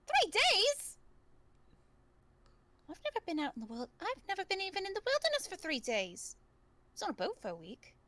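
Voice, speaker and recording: A woman's voice: very high-pitched, huge pitch swings, moderate pace, long pauses, pushed and bright, heavily acted. A woman voicing a sheltered young adventurer woman in a tabletop game, asking eager, wide-eyed questions in a put-on accent. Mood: worried.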